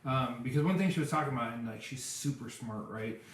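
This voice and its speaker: Casual male co-host, mid-pitched, rambling storyteller full of fillers, recorded in a very echoey room. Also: brisk. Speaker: podcast co-host. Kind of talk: casual chat.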